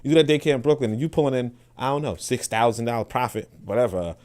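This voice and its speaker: A man's voice: medium pitch, fast, darkish tone. A man, hosting a podcast in a blunt, profane, casual monologue that often restarts and repeats words. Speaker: podcast host.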